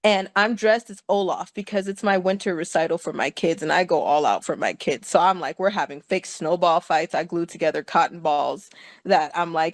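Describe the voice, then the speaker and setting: A woman's voice: fairly low pitch, moderate pace, no room sound. A woman telling a personal story to her listeners, chatty and laughing often and checking in with them. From California.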